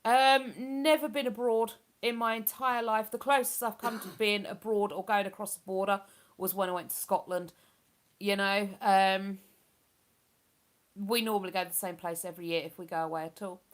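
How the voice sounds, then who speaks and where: A woman hosts a casual live stream, reading out viewer comments in a mid-range voice at normal speed with fairly even intonation. She chats and rambles, using many fillers.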